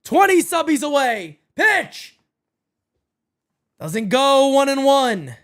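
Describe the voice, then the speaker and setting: A man hosts a live baseball watch-party stream, delivering excitable, profane play-by-play and frequently shouting. His voice is very high and he speaks slowly.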